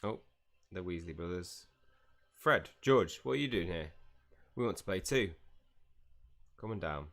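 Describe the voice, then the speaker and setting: During live gameplay commentary, a male streamer talks casually, reads game dialogue out loud and laughs often. His voice is low-pitched and a bit bright, with lively intonation and a measured pace.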